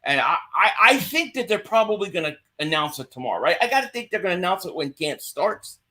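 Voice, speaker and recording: A man's voice: high-pitched, very animated, quick pace, sharp tone. A man hosting a casual livestream, chatting away and greeting viewers by name. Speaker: livestream host. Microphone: home streaming mic.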